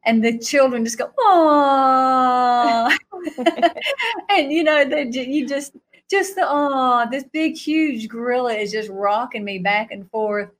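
A middle-aged woman telling a story in an animated way, laughing often and jumping to a high voice when she acts out reactions. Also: moderate pace. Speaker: guest recounting a vision.

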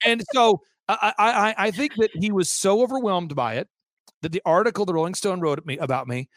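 A man, a guest on an interview show, telling an animated story and acting out the voices of people he quotes, with many restarts. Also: high-pitched, a little fast, no room sound. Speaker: interview guest, event organizer. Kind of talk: fast storytelling anecdote.

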